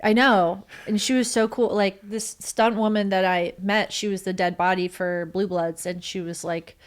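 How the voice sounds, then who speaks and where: A woman's voice: mid-range voice, steady tone, moderate pace, smooth. A woman in her thirties, a podcast guest talking casually with many fillers and frequent laughs. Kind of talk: casual interview chat.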